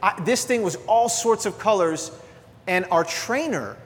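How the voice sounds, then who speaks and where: A middle-aged man preaches a sermon in a church sanctuary, his voice sitting a little high for a man. He swings between lively exhortation and soft, confessional asides. The sound carries a long reverb from the hall. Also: unhurried. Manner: energetic preaching, animated, drops to soft asides. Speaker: pastor.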